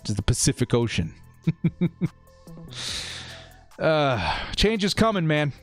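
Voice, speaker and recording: A man's voice: fairly high pitch, big pitch swings, slow pace, faint music behind. A young man hosting a casual live stream, reading viewer comments aloud and laughing often.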